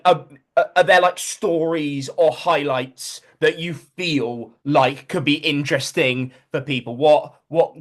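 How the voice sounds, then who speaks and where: A man's voice: on the high side, fairly bright tone. A British man hosting an interview, asking questions with many restarts. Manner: stumbling, repeated restarts when asking questions. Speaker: interview host. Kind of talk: casual interview.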